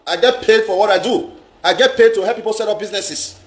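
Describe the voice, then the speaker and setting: A Nigerian man rants casually on a live stream, talking fast in a high-pitched voice. He is emphatic, repeats phrases over and over, and mixes in pidgin. The recording has a roomy echo.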